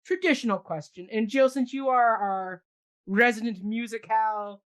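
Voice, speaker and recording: A woman's voice: fairly high pitch, normal speed. A woman hosting a casual arts talk show, introducing guests with enthusiasm. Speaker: host. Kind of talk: casual chat.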